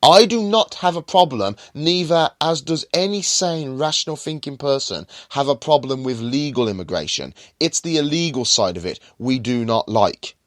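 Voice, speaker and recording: A man's voice: mid-range voice, animated, normal speed, hardly any pauses, no room sound, studio quality. Emphatic man ranting on a podcast. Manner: emphatic, indignant ranting with rising and falling emphasis. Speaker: podcast host. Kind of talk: political commentary podcast.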